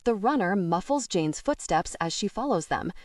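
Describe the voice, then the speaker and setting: A woman's voice: medium pitch, no room sound. Woman narrating an audiobook, dry sound. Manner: measured, expressive reading. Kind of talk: scripted narration. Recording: dry, slightly distant mic.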